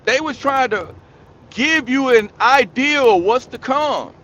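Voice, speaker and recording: A very high-pitched man with lively intonation takes it slowly, his tone a bit bright and the sound lo-fi. Hosting his own commentary channel, he delivers a scolding, preachy ranting monologue directly at his audience, repeating his points for emphasis.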